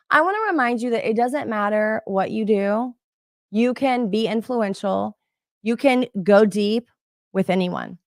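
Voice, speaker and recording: A middle-aged woman giving a motivational teaching talk as a business coach, animated and chatty, often addressing her listeners as "you guys". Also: medium pitch, no room sound, studio quality.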